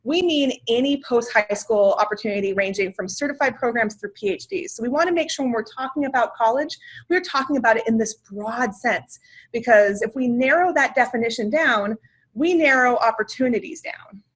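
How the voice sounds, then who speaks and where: A financial aid outreach presenter from Washington state gives a webinar presentation, speaking at normal speed in a slightly high voice with a breathy edge. She's upbeat, enthusiastic and chatty, using filler words.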